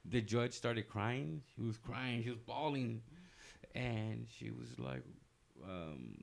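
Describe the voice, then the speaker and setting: A man with a gravelly, creaky voice tells a personal story in casual podcast chat. He rambles loosely, doubling back on himself with plenty of fillers and restarts. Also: medium pitch, expressive, takes it slowly. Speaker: comedian podcast guest telling a story.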